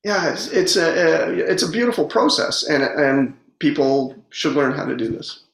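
Earnest, halting man in a roomy space. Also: a little high, animated, vocal fry, a bit bright. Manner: halting, repeats words, earnest storytelling. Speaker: speaker on personal growth. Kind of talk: reflective casual talk. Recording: roomy echo.

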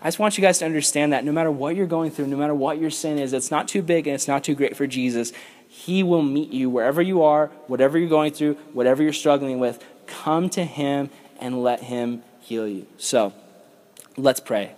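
A man giving a casual, animated sermon to young people, then leading a prayer. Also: fairly high pitch, a little fast.

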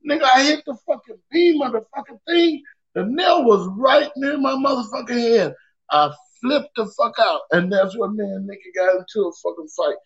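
A high-voiced man tells family stories in animated, profane podcast chat, acting out his own reactions. The recording sounds dull and lo-fi. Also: normal speed. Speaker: podcast co-host. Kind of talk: casual storytelling chat.

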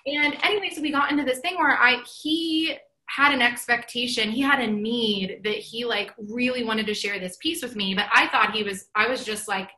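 A woman's voice: fairly high pitch, normal speed, sharp tone. A woman in casual chat, telling a story in an earnest, reflective way and acting out the dialogue she quotes.

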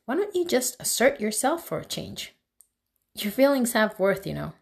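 A woman's voice: fairly high pitch, sing-song, normal speed, creaky. A woman voicing a blunt teenage girl who lectures her best friend. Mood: lecturing. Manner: lecturing, matter-of-fact.

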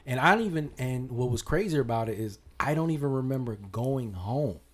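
A man's voice: medium pitch, animated, brisk. A man co-hosting a podcast, telling a personal story in casual chat with friends. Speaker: podcast co-host.

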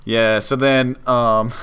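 A young man telling a party story in casual chat, animated, laughing often and acting out what people said. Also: mid-range voice, drawn-out words, smooth. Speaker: podcast guest telling a story.

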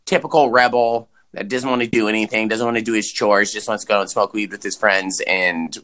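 A man co-hosting a podcast, chatting casually and swearing as he recaps a movie with big pitch swings for emphasis. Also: fairly even intonation, a little fast, fairly bright tone. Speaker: podcast co-host.

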